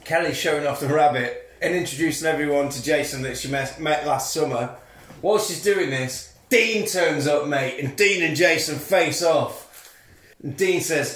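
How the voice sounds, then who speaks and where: A man co-hosting a casual chat, retelling a film with animated, shouted bits of the characters' lines. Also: a little high, normal speed, echoey room. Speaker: podcast co-host.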